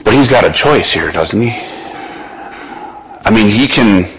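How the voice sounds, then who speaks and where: A man preaching a sermon, slowly and dramatically retelling a scripture scene and putting the listener in it. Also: fairly low pitch, animated, fairly bright tone, a little hiss or hum, poor audio.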